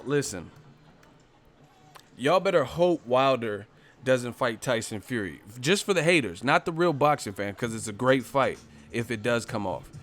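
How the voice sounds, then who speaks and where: A man's voice: mid-range voice, expressive, measured pace, fairly bright tone. A man hosting a boxing live stream, talking casually and profanely to his viewers with lots of jokes and asides. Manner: loose, profane, joking, talks straight to viewers. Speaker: boxing channel host.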